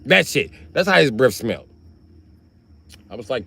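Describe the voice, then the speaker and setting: A man, telling crude comedic stories on a livestream and swinging between loud outbursts and muttering. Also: medium pitch, very animated, normal speed, creaky, pauses often. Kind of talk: rambling comedic storytelling.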